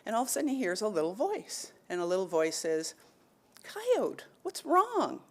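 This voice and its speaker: A woman's voice: fairly low pitch, lively intonation, fast, a little mellow. A woman speaker on an education panel, telling a traditional story with animation, then talking thoughtfully with many fillers. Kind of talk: oral storytelling and panel talk.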